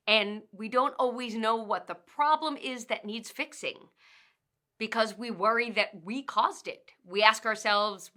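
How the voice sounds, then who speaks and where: A woman who trains people in workplace communication, giving an instructional talk in a measured, explanatory way and working through lists point by point. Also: fairly high pitch, sharp tone. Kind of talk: instructional narration.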